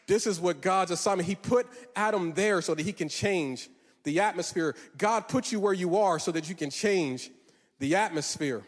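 A man's voice: high-pitched, normal speed. A male pastor preaching a sermon, rising into a sing-song cadence and drawing out words. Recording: long hall reverb.

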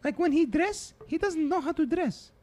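Guy putting on a high squeaky 84 yr old granny, broken english, slow and blunt, teasing everyone. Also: expressive, a little mellow. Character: 84-year-old immigrant grandmother, doting and blunt. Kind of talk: improvised comedy podcast bit.

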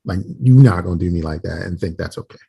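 Forty-something guy, real low husky voice, dry close mic, blunt casual podcast talk. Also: fast talker, no echo. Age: 40s. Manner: blunt, profane storytelling with animated quoted voices. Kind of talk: casual chat.

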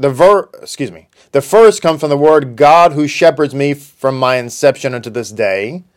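A man teaching from scripture, reading quoted passages aloud and explaining them at an unhurried pace. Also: mid-range voice. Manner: unhurried, reads quotes aloud then explains, with some restarts. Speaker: Bible teacher.

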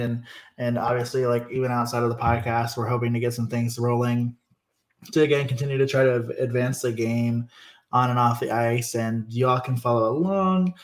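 A man co-hosting a podcast, talking in a relaxed, easygoing way as he closes the show. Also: mid-range voice, echoey room. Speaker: podcast co-host. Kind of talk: casual podcast sign-off.

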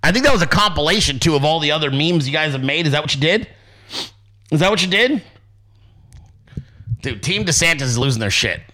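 A man hosting a podcast, ranting in a casual, sarcastic and profane way with loud outbursts. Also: a little high, expressive, a little fast, pauses often. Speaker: podcast host.

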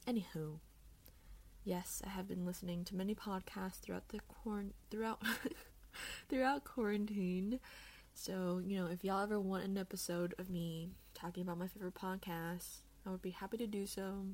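On her own podcast, a young woman keeps up a casual, bubbly, self-deprecating ramble into an earphone mic. She has a mid-range, slightly mellow voice.

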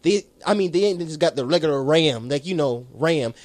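Guy ranting, high voice, swears a lot, acts out the other people, dry close sound. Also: moderate pace, no room sound. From South Carolina. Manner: animated, swearing, mimics people in his stories. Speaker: storyteller in a casual podcast chat. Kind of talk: casual chat.

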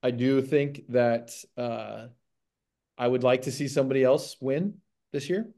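Mellow-voiced young man chatting sports. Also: mid-range voice, measured pace. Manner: laid-back, frequent ums. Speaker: podcast co-host. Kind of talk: casual sports chat. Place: home.

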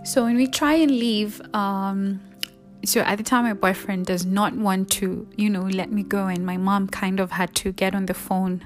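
A woman recounts a painful personal story, unhurried and earnest. She pauses often and searches for words, her voice at an ordinary middle pitch. Soft music plays faintly in the background. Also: steady tone. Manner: hesitant and earnest, with frequent pauses and fillers. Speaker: storyteller sharing a personal testimony.

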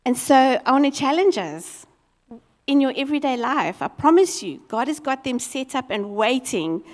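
Woman, sermon, lively storytelling, higher voice. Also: normal speed, long reverb tail. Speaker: preacher.

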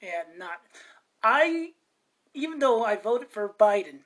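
A woman's voice: medium pitch, expressive, moderate pace, breathy edge. A woman hosting a podcast and ranting in a chatty, meandering way, often interrupting herself mid-sentence. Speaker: podcast host. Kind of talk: casual ranting monologue.

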